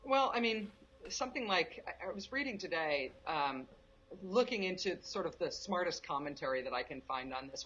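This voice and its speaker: Woman political guest, lower voice, sharp and chatty, muffled lo-fi line with faint hiss. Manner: quick, articulate, laughs easily. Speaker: guest commentator. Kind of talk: conversational political commentary.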